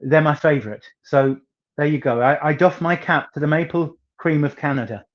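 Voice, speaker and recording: Speaking as an interview guest, a northeast English singer with a soft accent spins chatty stories, stressing words theatrically. His pitch is fairly high, his pace normal, and the audio quality lo-fi.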